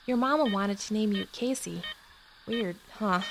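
A woman's voice: mid-range voice, a little slow, creaky, background noise. A woman reading the lines of an awkward, uncertain young father in a hesitant way.

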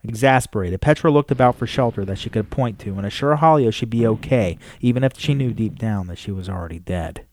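A man reading a novel aloud in a steady storytelling manner. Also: on the low side, fairly quick, few pauses, no room sound. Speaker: audiobook narrator. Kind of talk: scripted narration.

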